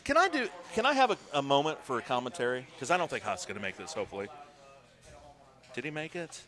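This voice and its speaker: A man with a mid-range voice talks quickly while casually commentating his golf video game stream. He jokes around, swears, and breaks into excited shouts.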